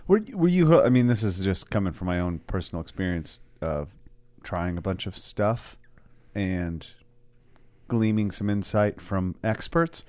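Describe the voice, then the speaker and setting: Joking low-voiced podcast host man. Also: lively intonation, a little slow, a little mellow, no echo. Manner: joking, teasing questions. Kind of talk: casual chat.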